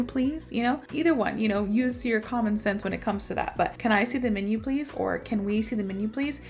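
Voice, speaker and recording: A young American woman with a slightly high voice leads a casual online English lesson. She talks in a chatty, playful way, repeating example phrases for viewers. Faint music plays behind her. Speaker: English teacher.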